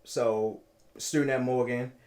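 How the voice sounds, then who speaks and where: A man in his thirties from Baltimore, a podcast guest telling a personal story in a halting way, repeating words and acting out what people said. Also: medium pitch, steady tone, a little mellow. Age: 30s.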